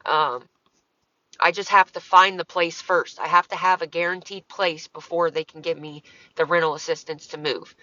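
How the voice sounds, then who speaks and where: A woman's voice: low voice, sharp tone, no room sound, highs cut off. Exasperated woman ranting on a livestream. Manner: profane, exasperated, rambling. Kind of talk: casual livestream chat, answering comments.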